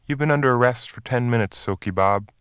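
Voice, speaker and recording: A man reading the part of a tall plainclothes officer who speaks in a calm, firm, controlled way. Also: mid-range voice, a little fast, clear, resonant tone, no room sound, clean studio sound, close to an everyday voice.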